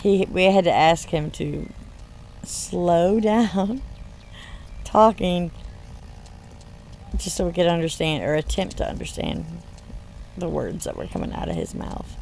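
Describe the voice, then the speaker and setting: A woman's voice: fairly low pitch, very animated, slow pace, creaky, long pauses, a little mellow, a little hiss or hum. A woman with a Southern US accent, raised in the South after a Michigan childhood, chatting in a rambling way over gameplay and laughing between words. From born in Michigan, raised in the US South. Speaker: gaming channel host. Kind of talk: casual chat over gameplay.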